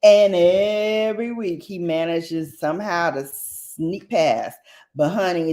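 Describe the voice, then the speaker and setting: A woman hosting a casual chat vlog, animated and slangy, with a dramatic, expressive delivery. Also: medium pitch, takes it slowly. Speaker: host.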